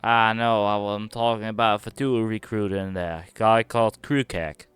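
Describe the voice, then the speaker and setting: A man's voice: fairly low pitch, fairly even intonation, normal speed, fairly bright tone, clean tone, dry recording, close to an everyday voice. A man reading out game lines as a down-on-his-luck barfly, with a put-on British-style accent and a rueful, grumbling delivery.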